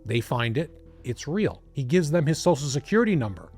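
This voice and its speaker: A man's voice: medium pitch, big pitch swings, brisk, a little mellow, faint music behind. A man narrating a scripted documentary with dramatic storytelling and asides to the listener.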